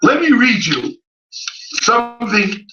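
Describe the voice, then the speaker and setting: A man giving an impassioned Torah lecture at a yeshiva, speaking yeshiva English full of Hebrew terms and rising to shouted pleas. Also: extremely high pitch, very animated, slow, faint music behind. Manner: swells from quiet teaching to crying, shouted pleas. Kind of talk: impassioned sermon. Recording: echoey hall, mic at a distance, dull sound.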